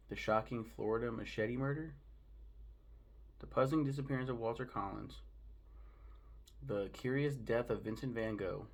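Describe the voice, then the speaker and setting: A man hosting a casual solo review from home, talking fast, rambling and swearing freely. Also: fairly low pitch. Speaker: host reviewing a show.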